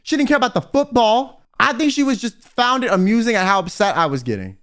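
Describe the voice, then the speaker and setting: A young man telling a storytime in a casual, exasperated rant, swinging between loud bursts and mumbles. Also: extremely high pitch, animated, quick pace. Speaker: vtuber storyteller.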